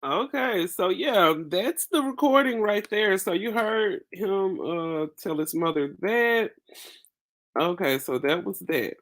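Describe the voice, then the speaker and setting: A woman hosting a casual commentary show, recapping a story slowly with many fillers. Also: mid-range voice, expressive. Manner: slow, filler-heavy reading and recapping. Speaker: host.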